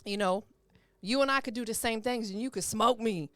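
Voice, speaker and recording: A podcast host keeps a casual interview chatty and encouraging, often saying "you know what I'm saying." Her voice sits a little high and moves fairly quickly, with no room sound in the recording.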